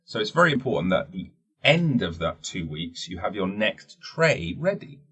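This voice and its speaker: Low, husky podcast host, rambling jokey monologue with plenty of swearing. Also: male voice, very animated, moderate pace, a bit bright. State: wearing teeth-straightening trays. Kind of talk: casual solo podcast chat.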